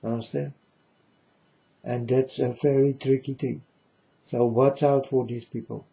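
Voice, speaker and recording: A man's voice: medium pitch, flat delivery, a little slow, vocal fry, warm tone, lo-fi sound. A man giving a preachy monologue in broken, non-native English, emphatic and repetitive, often asking if the listener understands. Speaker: speaker addressing viewers.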